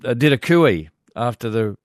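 An Australian man hosting a casual radio show, chatting relaxed and reading listener letters. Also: mid-range voice, moderate pace, no room sound, clean studio sound. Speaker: radio host. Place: radio studio.

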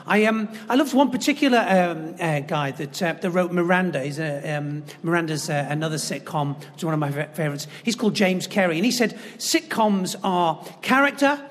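A man's voice: high-pitched, animated, normal speed, few pauses. Enthusiastic man on a reverberant stage. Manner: enthusiastic, hesitant with fillers. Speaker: comedy course organiser. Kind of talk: panel talk on stage. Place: stage in a large hall. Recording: long hall reverb.

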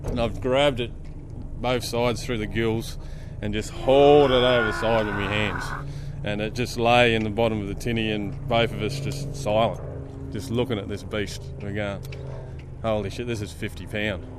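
A man's voice: fairly low pitch, steady tone, moderate pace, background noise. A man in his fifties from Darwin with an Australian accent, casually telling a story and laughing often. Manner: laid-back yarn-spinner, laughs often. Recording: music playing underneath. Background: music.

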